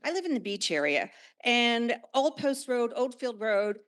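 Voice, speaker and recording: A woman's voice: a little high, very animated, measured pace. An older woman, a longtime resident, giving a frustrated but polite comment at a town meeting.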